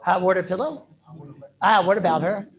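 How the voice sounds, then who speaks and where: A man teaching an animated Torah class over a video call, firing questions and mixing in Hebrew and Yiddish terms. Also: high voice, moderate pace. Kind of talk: lively online Torah class.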